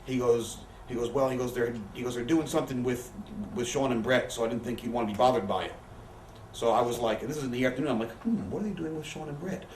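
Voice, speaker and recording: A man's voice: mid-range voice, fairly even intonation, fast talker. A man telling candid, profane stories as an interview guest, often acting out what others said. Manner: profane, rambling anecdotes with quoted voices. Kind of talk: candid storytelling. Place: living room. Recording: roomy, distant, faint background hiss.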